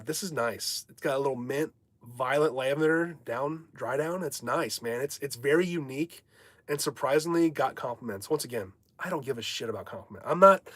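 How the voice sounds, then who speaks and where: A man's voice: fairly high pitch, a bit bright, dry recording. A man hosting a casual livestream from home, chatting candidly, rambling and reading chat comments aloud. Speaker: livestream host.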